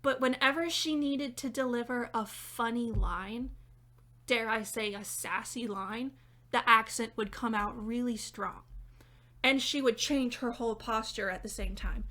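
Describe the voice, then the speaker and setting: Reviewer type: young woman, bright and forceful, chatty, laughs a lot, higher voice. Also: a little slow. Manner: chatty and animated, laughing between points. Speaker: theater critic and dramaturg. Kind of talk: casual video review. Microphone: reading notes off-camera.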